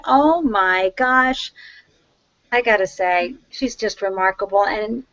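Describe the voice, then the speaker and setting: A woman's voice: fairly high pitch, dry recording, lo-fi sound. A woman with a Boston accent hosting an interview show, gushing and effusive as she introduces her guest. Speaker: host.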